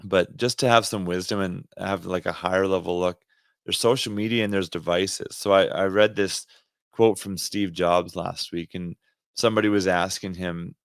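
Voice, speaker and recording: Deep-voiced Canadian man, earnest podcast chat. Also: fairly even intonation, moderate pace, no room sound, clean studio sound. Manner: rambling, earnest, frequent restarts and laughter. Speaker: podcast co-host. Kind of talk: casual faith podcast chat.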